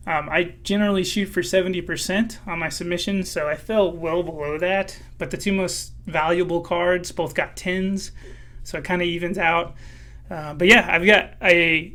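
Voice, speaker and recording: A man talks casually to his channel viewers, his voice bright and a touch higher than most. He sounds a little hoarse and clears his throat now and then. He fills pauses with plenty of ums and uhs. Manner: casual, many fillers. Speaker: card collecting channel host. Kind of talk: casual vlog commentary.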